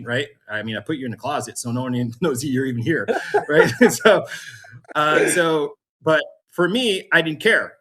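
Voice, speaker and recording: A man's voice: fairly high pitch, lively intonation, normal speed, sharp tone. A man as a podcast guest, telling his story with energy, acting out other people's voices and laughing often. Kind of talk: storytelling interview.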